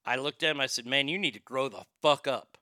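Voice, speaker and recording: A man spinning a casual, profane anecdote, his voice strikingly bright and forward. The sound is dry and close, with no room around it. He talks loosely and restarts his sentences as he goes. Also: mid-range voice, brisk, no echo. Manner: profane, conversational, with frequent restarts.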